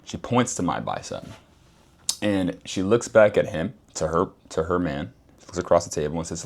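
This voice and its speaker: A man vlogging a casual story to camera, slangy and animated, often repeating phrases for emphasis. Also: low voice, moderate pace, gravelly.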